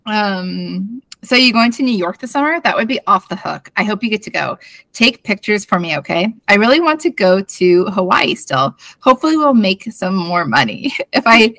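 A woman's voice: medium pitch, sing-song, moderate pace, fairly bright tone, no room sound. A woman in her thirties co-hosting a podcast, giggling as she reads old teen notes aloud in casual chat. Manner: giggly, bubbly, laughs between lines. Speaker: podcast co-host.

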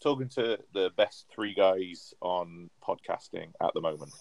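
Low gravelly voiced guy cohosting a podcast, easygoing. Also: unhurried, a little mellow, no room sound. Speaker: podcast co-host. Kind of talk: casual chat.

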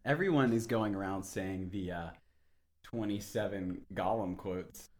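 A man's voice: sits low, a little slow, darkish tone. A man co-hosting a casual chat, enthusiastic and playful.

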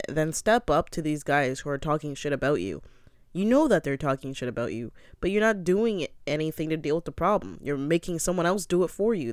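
Smooth-voiced, blunt young reality-show recapper. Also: medium pitch, dry recording, studio quality. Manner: opinionated, blunt, swears freely. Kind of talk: casual commentary recap.

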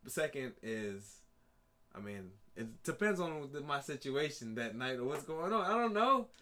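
A man's voice: medium pitch, sing-song, measured pace, pushed and bright. A man co-hosting a podcast in casual chat, easygoing, often laughing and trailing off. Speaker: podcast co-host.

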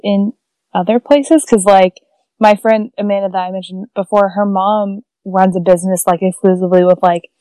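Woman podcast host, warm dark timbre, casual and rambling, dry studio. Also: mid-range voice, fairly even intonation, moderate pace, no room sound, poor audio. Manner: chatty, lots of "like" fillers. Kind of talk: casual interview chat.

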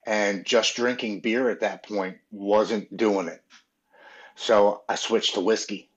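Low-voiced man telling his recovery story. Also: steady tone. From Maryland. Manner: earnest, halting, emotional storytelling. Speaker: podcast guest. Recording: dull, muffled audio.

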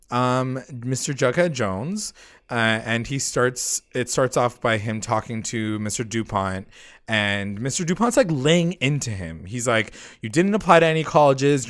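A man in easy, casual chat, recapping a show for his co-host. His voice sits at an ordinary middle pitch. He keeps breaking into mocking little voices for the characters he quotes. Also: smooth. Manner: animated, acts out quoted lines in mocking voices. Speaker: podcast co-host recapping a TV episode.

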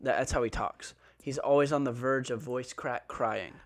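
A young man co-hosting a podcast in casual chat, tossing in dry, quick asides. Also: mid-range voice, no room sound. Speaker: podcast co-host.

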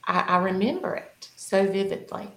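A woman's voice: medium pitch, animated, moderate pace, vocal fry, fairly bright tone. A woman in her fifties, co-hosting a podcast, telling a personal story in casual chat with frequent restarts. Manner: storytelling, with restarts and self-corrections. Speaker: podcast co-host. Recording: echoey room.

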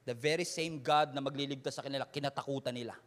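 A man with a Filipino accent preaching a Taglish sermon as pastor, swinging from shouted emphasis to hushed, quiet lines. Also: medium pitch, fairly even intonation, racing.

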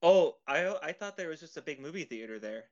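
A man's voice: fairly high pitch, lively intonation, brisk, darkish tone. A man co-hosting a podcast in casual chat, joking at his own expense and laughing often. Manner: self-mocking, laughs often. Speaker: podcast co-host. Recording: dull lo-fi recording.

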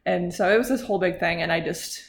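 A woman's voice: fairly low pitch, fast talker, gravelly. A young adult woman hosting a podcast, telling a story in a rambling, chatty way full of filler words. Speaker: podcast host. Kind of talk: casual chat.

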